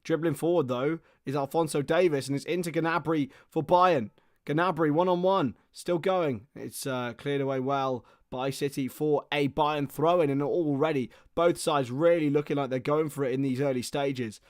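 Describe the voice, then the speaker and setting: Excitable man calling live football. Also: fairly high pitch, moderate pace, hardly any pauses, dry recording, clean studio sound. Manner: excitable, self-mocking, greets chat viewers between plays. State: voice starting to go hoarse. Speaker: football watchalong host. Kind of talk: live play-by-play commentary.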